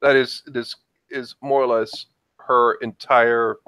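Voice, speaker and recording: A man's voice: mid-range voice, little pitch movement, slow pace, a bit bright, clean tone, no echo. A man playing a tabletop role-playing game, describing his character's actions in a hesitant way with many fillers and restarts. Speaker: player.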